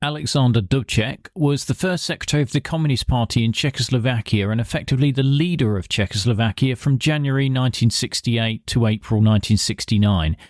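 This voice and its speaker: Male podcast host, mid-pitched, dry recording, steady scripted read. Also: no room sound. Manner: measured, informative read. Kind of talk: scripted explanatory aside.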